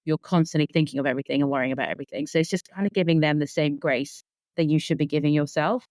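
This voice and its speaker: A woman's voice: sits low, steady tone, racing, a little mellow, no room sound. A woman in her thirties, a sleep consultant guest on a podcast, talking earnestly and rambling with lots of filler words. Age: 30s. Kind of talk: casual conversational interview.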